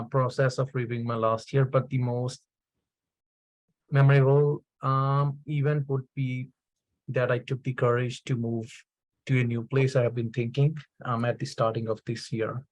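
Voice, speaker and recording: Careful, flat-toned man on a dry call. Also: medium pitch, measured pace, dry recording, poor audio. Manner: careful, hesitant. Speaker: participant. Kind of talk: casual self-introduction. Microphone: video call.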